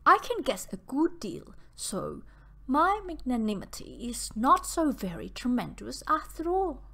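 A woman reading a brisk, sensible young woman. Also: high voice, sing-song, creaky, a bit bright, heavily acted.

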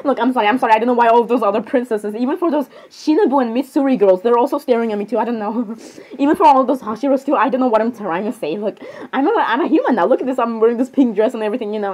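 A high-voiced woman chatting through a playful game role-play. She is flustered and keeps apologizing, stumbling over her words with giggles. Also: rapid-fire, darkish tone, breathy edge, low-quality recording.

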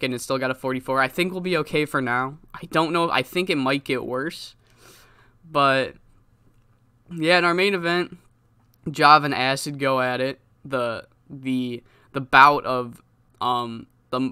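A man's voice: medium pitch, sharp tone, clean tone, dry recording, studio quality. A man giving casual, rambling commentary on a wrestling game, swearing often. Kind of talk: casual let's-play commentary.

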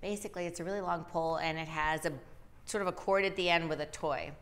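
A woman dog trainer with a fairly low voice answers viewers' questions in a live advice chat. She explains in a lively way and often slips into little acted-out voices for dogs and owners. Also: fast.

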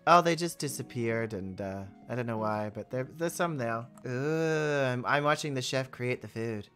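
A woman chatting casually while playing a video game, playful and excitable, with a lingering cold. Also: rumbling low, moderate pace, faint music behind. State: has a cold. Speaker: video game player and channel host. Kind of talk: casual gameplay chat.

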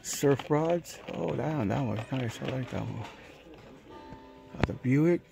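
A man's voice: mid-range voice, measured pace, creaky, music in the background. A man from California in casual commentary as he walks a hobby store, muttering laid-back reactions and ranting about prices. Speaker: diecast collector vlogger.

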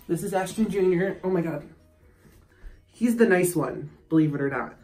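A man's voice: a little high, lively intonation, moderate pace, pauses often, dark tone, echoey room, soft background music. A young man chatting casually in a vlog, giggly and prone to yelps, recorded in a home bathroom. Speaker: vlogger.

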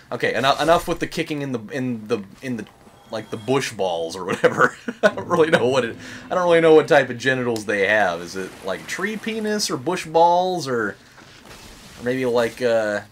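A man's voice: medium pitch, very animated, moderate pace, fairly bright tone, slight background noise. A young man hosting a let's-play, rambling and joking in casual commentary, swearing and saying "like" a lot. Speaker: gaming channel host.

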